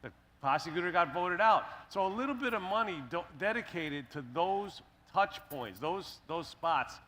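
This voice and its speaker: A man's voice: sits high, expressive, normal speed, pushed and bright, slight background noise. A man speaking earnestly and persuasively on a conference panel. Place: conference stage.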